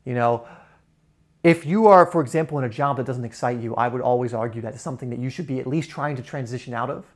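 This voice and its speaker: A man's voice: mid-range voice, fast talker. A man speaking straight to camera in a motivational self-help talk, enthusiastic and conversational, with frequent "you know" fillers. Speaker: spiritual self-help creator.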